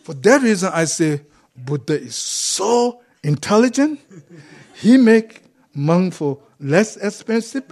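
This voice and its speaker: High-voiced monk in halting English. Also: male voice, big pitch swings, a little mellow. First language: not English. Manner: broken English, often gropes for words; chuckles through his points. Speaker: Buddhist monk teacher. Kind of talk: dharma talk to a group.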